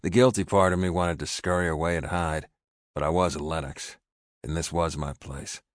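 Male audiobook narrator, extremely deep voice, dry close sound, measured first-person read. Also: steady tone, no echo.

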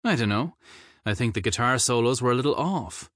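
A man's voice: mid-range voice, expressive, fairly quick, a bit bright, no room sound, close to an everyday voice. A man voicing a brooding male rock star in his late twenties, speaking with a slight Irish lilt and a dry, grumbling humor. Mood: wry. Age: 20s.

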